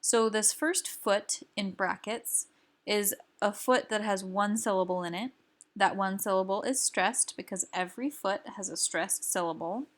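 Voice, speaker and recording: A woman gives a recorded lesson at an unhurried pace. She explains carefully and stops for small fillers as she goes. Her pitch sits in an ordinary middle range. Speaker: language teacher.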